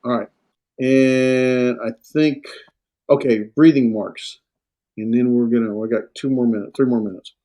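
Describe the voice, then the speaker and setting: A man's voice: mid-range voice, fairly even intonation, dark tone. Man teaching a Greek class. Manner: halting, many fillers and self-corrections. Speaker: Greek instructor. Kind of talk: classroom lecture.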